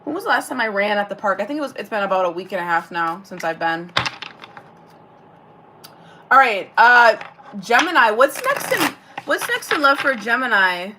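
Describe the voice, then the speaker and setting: A woman's voice: on the high side, very animated, normal speed, long pauses, sharp tone, a little hiss or hum. A woman giving a casual live-streamed tarot reading. She chats, swears freely and answers viewer comments aloud between card pulls. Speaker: tarot reader.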